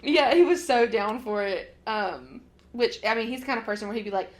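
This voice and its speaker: A woman chats on a podcast in a fairly high voice. She rambles casually, leaning on "like" and breaking into laughs. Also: brisk. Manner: chatty, laughs often, lots of "like". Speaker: podcast co-host. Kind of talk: casual chat.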